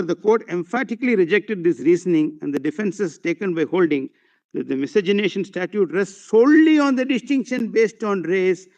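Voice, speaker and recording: High-voiced Indian advocate addressing the bench. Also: male voice. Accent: Indian English. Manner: deferential, peppered with "my lord" and halting fillers. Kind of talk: courtroom legal argument. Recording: dull lo-fi courtroom audio feed.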